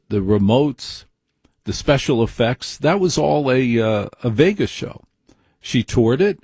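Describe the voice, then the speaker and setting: A man's voice: mid-range voice, a little mellow, breathy edge, no echo. A man delivering a rambling, digressive comedic rant in a conversational way.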